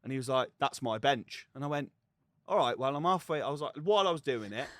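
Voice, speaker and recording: A man's voice: mid-range voice, fast talker, no echo, studio quality. A young man co-hosting a podcast, telling stories in casual chat and swearing a lot. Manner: swears a lot, animated storytelling. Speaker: podcast co-host.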